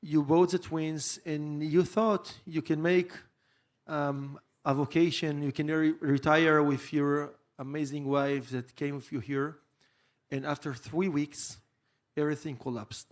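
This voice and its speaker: A man moderating a conference interview, setting up his question in an earnest, deliberate way. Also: fairly high pitch, level tone.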